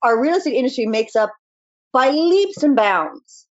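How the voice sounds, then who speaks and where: A woman's voice: sits high, expressive, moderate pace, muffled recording. A woman, a real estate executive, explaining market conditions confidently in a video call discussion. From Canada.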